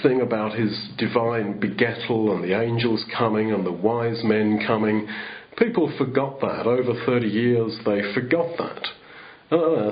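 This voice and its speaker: A man's voice: lowish voice, dull audio. A man giving a sermon in a rambling, conversational way, full of restarts. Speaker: preacher.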